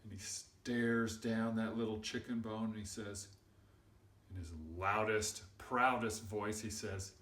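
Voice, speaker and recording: A man telling a silly story to children, animated and exaggerated, building up to loud shouts. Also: fairly low pitch, slow pace. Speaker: storyteller and channel host. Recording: roomy sound from a distant mic.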